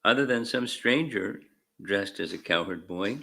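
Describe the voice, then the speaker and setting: A man reads scripture aloud and stops to give his own commentary. He talks slowly and carefully in short phrases, and his voice is bright and clear. He calls out each verse number and adds dry little remarks. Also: on the low side, expressive. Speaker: spiritual teacher.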